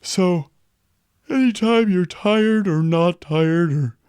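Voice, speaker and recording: A male vocal coach chatting casually through a singing lesson at home, self-mocking between high, yawning demonstrations. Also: slow, darkish tone, smooth, dry recording. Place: home room with guitars.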